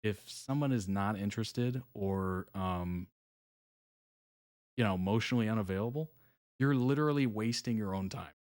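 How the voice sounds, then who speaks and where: Talking at normal speed in a lowish voice, this man hosts a live reaction stream. He chats casually and laughs a lot between comments, reading viewer messages aloud in a relaxed way with frequent fillers and soft laughter.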